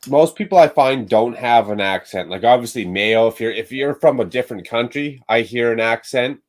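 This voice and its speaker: A man's voice: medium pitch, normal speed. A man with a Canadian accent chatting casually on a livestream, offhand and opinionated, with lots of fillers. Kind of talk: casual chat.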